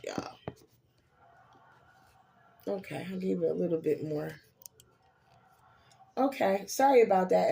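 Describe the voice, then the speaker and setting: Older woman, casual tarot reader, animated and encouraging. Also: mid-range voice, vocal fry. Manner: animated, preachy encouragement with laughs and slang. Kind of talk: casual live tarot reading.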